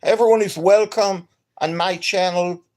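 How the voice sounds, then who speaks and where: Energetic woman streamer with an accent. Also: fairly low pitch, unhurried. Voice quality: non-native accent. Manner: extremely energetic, enthusiastic. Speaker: gaming streamer. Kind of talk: live stream chat to viewers.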